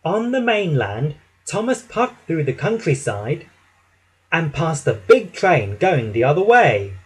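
A man reading a children's picture book aloud in an expressive, lively way. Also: a little high, unhurried, slightly rough, low-quality recording. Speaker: storybook narrator.

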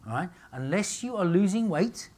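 Holding forth at a live seminar, this middle-aged nutritionist jokes around and speaks in punchy, brash spurts, constantly asking "all right?" and "okay?" before continuing. He sounds high-pitched and animated, a little mellow, at a moderate pace.

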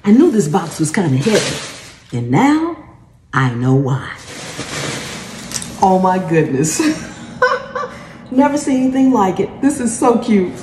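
A woman's voice: mid-range voice, measured pace, pauses often. A woman hosting a cooking channel, talking through an unboxing in a casual, effusive way and exclaiming often. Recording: roomy with steady background noise.

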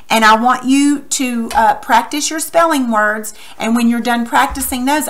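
Woman teacher, fairly high voice, encouraging, stretches words out slowly for young learners. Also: fairly bright tone. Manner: slow, exaggerated syllable clapping; encouraging, asks students questions. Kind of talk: recorded classroom lesson.

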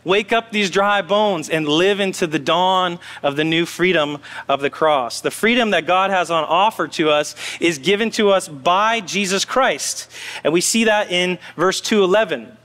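At a moderate pace, a male pastor delivers a sermon in a relaxed, storytelling manner, throwing asides to the congregation. His high voice echoes through the long reverb of the church sanctuary.

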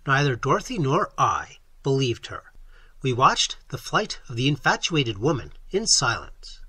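Husky, lively male audiobook narrator. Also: medium pitch, measured pace, dry recording. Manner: expressive storytelling reading. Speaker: audiobook reader. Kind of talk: scripted narration.

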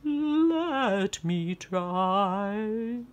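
A woman reading aloud and voicing a boastful male ghost, drawing out every word in a slow moan. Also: medium pitch, animated.

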